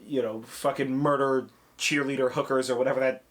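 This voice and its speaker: A man co-hosting a casual film review chat who talks excitedly, swears a lot and acts out scenes in quoted voices. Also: medium pitch, fairly quick. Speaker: podcast co-host reviewing films.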